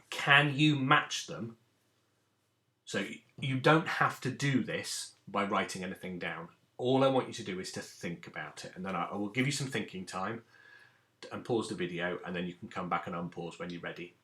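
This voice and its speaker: A man teaching a recorded lesson to young schoolchildren, speaking clearly and patiently and stretching out key words. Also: fairly low pitch, a bit bright.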